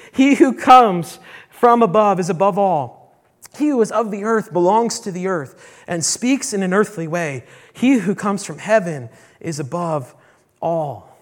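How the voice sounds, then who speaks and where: A man preaching a sermon to a congregation in a church, emphatic, repeating key phrases and swinging between loud declarations and hushed asides. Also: high-pitched.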